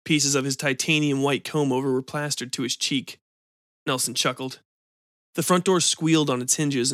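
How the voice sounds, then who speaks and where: A man hosting a podcast and reading a short story in an even, measured way. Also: medium pitch, no echo, clean studio sound. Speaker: podcast host and narrator. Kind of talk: scripted story narration.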